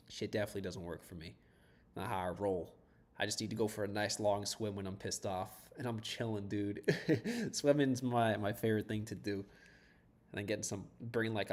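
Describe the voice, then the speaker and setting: Debugging code on a live stream, a startup founder from south of Boston talks casually and rambles, laughing a lot and swearing now and then. His voice is fairly low and a little mellow.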